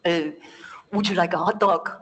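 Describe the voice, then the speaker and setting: A woman doing a halting French engineer. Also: high-pitched, steady tone, fairly bright tone, voice pushed down. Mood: groping for words. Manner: halting, with many uhs and restarts. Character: French male engineer, hesitant, struggling with English. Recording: long hall reverb.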